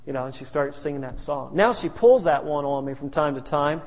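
Higher-voiced preacher in a reverberant church. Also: male voice, a little fast, a little mellow, a little hiss or hum. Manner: folksy, telling family stories. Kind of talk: sermon.

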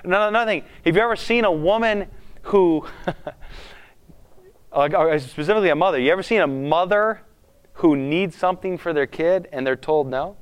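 A man preaching a conversational sermon as a pastor, often putting questions to the congregation in an animated way. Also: sits high, moderate pace, clear, resonant tone.

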